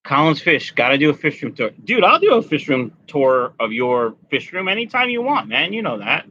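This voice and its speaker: A man's voice: on the high side, sing-song, moderate pace, pushed and bright, highs cut off, a little hiss or hum. A man hosting a casual fish-keeping live stream, chatting loosely with viewers and greeting them by name while nursing a migraine. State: has a migraine. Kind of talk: casual live stream chat reading comments.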